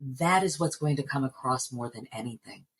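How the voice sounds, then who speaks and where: A woman's voice: very deep voice, expressive, normal speed, fairly bright tone, breathy edge, rough recording. An American woman from New Jersey, a voice coach, answering interview questions in an earnest, reflective way. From New Jersey, United States. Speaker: voice coach and actor.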